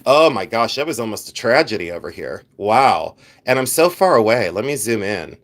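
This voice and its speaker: Selling vintage jewelry on a livestream, a man with a lowish, slightly bright voice talks at normal speed and sounds very animated. He chats and rambles, greets viewers by name, and pokes fun at himself amid playful laughter.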